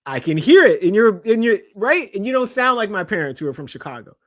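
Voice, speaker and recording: Podcast guest: middle-aged man from Canada, emphatic and lively, fairly high voice, dry close sound. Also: a little fast, no echo. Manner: animated, emphatic storytelling with laughs. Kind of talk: casual podcast conversation.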